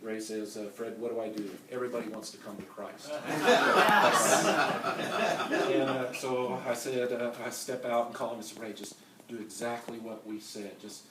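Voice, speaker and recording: A man with a lowish voice and flat delivery tells his personal story a little fast at a conference, rambling with lots of fillers and restarts. Heavy background noise mixes with the echo of the conference center hall, recorded by a distant mic.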